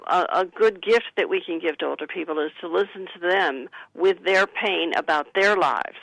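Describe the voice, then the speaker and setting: A woman author and psychic, a guest on a radio talk show, calmly giving advice and suggesting what to say. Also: lowish voice, normal speed, vocal fry, no echo, low-quality recording. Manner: calm, counseling, gives sample phrases to say.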